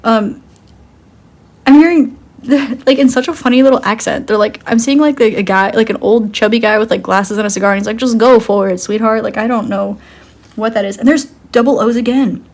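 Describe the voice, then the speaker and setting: A woman with a somewhat high voice talks through an intuitive card reading. She rambles loosely, filling her speech with "um" and "like" and laughing easily as she goes. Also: fairly quick, darkish tone. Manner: rambling, full of "um" and "like", giggly. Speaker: tarot card reader.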